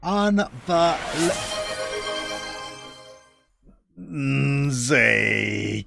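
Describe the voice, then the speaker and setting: A man's voice: medium pitch, sing-song, slow, gravelly, a bit bright, no echo, faint music behind. Guy on a game stream, chatty and self-deprecating, voice jumps up and down a lot, dry close sound. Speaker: Football Manager streamer. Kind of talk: casual live-stream chat reading viewer messages.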